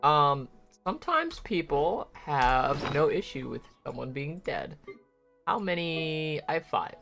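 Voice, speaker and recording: A man streaming his gameplay live, talking in an unhurried, drawn-out way. He rambles and swears freely, grumbling at the game between loose asides. Soft music plays quietly behind him. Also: a little high, sing-song, vocal fry. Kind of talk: casual live-stream chat while gaming.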